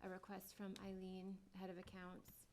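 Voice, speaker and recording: A woman's voice: medium pitch, completely flat delivery, normal speed, a little mellow, a little hiss or hum. A woman speaking at a formal public meeting in a hesitant way.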